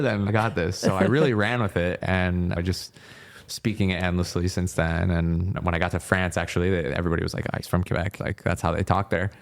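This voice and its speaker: This Virginia man in his thirties, once a hockey coach, has a low voice and speaks fairly quickly. He's telling stories on a podcast in a relaxed interview, animatedly voicing the people he quotes.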